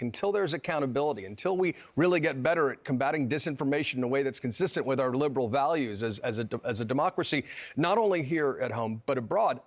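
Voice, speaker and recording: A man giving measured political commentary as a guest on a televised news show, with small restarts. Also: mid-range voice.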